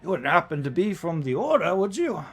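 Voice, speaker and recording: A man voicing a polite, genteel male warforged coachman in a high, cheerful, courtly voice. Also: big pitch swings, fairly quick, a bit bright, slightly rough, exaggerated voice.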